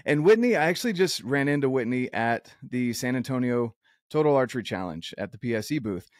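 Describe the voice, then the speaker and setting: A man's voice: medium pitch, animated, a little fast, dry recording, studio quality. A man hosting an outdoors podcast, talking earnestly in a rambling way with many restarts. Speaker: podcast host. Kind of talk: casual interview chat.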